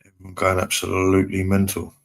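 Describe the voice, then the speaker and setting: A man, chatting casually on a live stream, reading viewer comments aloud and giving relaxed shout-outs. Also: low-pitched, brisk, vocal fry.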